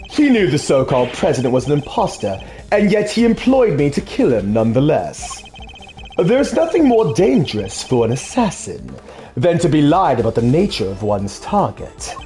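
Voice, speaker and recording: A man playing a coldly polite, low-voiced assassin. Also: a little mellow. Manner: slow, courtly, coldly polite. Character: calm, menacing, polite male assassin. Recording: faint game music behind.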